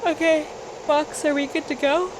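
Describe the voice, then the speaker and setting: A woman's voice: high-pitched, steady tone, moderate pace, noisy background. A woman livestreaming a flight simulator in casual, chatty talk, often apologizing and laughing lightly. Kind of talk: casual stream chat.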